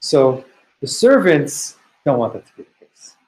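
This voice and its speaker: A man's voice: mid-range voice, very animated, unhurried, a little mellow, rough recording. Earnest man teaching a text. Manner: reads Hebrew aloud then explains it; earnest, searching, with restarts. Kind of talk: text study lesson.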